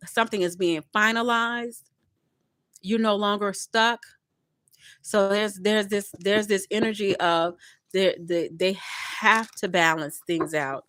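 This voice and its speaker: A woman reads tarot cards for her viewers as a spiritual pep talk. She speaks at an ordinary pitch and repeats her phrases for encouragement, and the sound is dry and close with no room around her. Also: moderate pace, fairly bright tone, dry recording. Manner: repetitive, encouraging, addresses viewers as y'all. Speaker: tarot reader.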